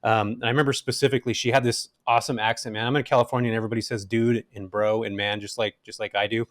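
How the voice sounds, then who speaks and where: A middle-aged man telling his story as an interview guest, animated and casual, with frequent fillers. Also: lowish voice, rapid-fire, dry recording, studio quality. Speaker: guest, rental investor.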